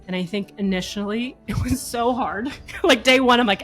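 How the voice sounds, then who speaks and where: A woman's voice: fairly high pitch, moderate pace, hardly any pauses, faint music behind. Chatty laughing woman telling a story. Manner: chatty, animated, laughs often, many fillers. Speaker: podcast co-host. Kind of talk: casual personal storytelling.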